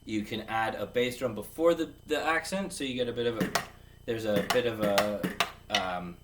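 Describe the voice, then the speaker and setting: A man teaches drums in a loose, jokey way and counts beats aloud. He sounds set back from the microphone, and a clear hiss of background noise runs under his voice. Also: fairly low pitch, moderate pace, recorded from a distance. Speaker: drum teacher. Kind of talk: casual video lesson.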